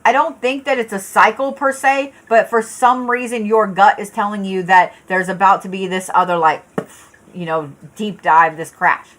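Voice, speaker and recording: A woman's voice: medium pitch, fairly even intonation, normal speed, a bit bright. A woman giving a live tarot reading, talking in a blunt, casual way with plenty of swearing and filler words. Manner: casual, blunt and profane, chatty with viewers; frequent fillers and restarts. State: yawning, tired. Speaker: tarot reader.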